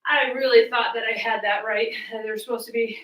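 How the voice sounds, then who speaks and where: A woman's voice: a little high, fairly even intonation, moderate pace, a bit bright, reverberant, far from the mic, poor audio. A woman fitness coach, out of breath, counting reps and cueing moves while she exercises along in a small room at home. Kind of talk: coaching a live home workout.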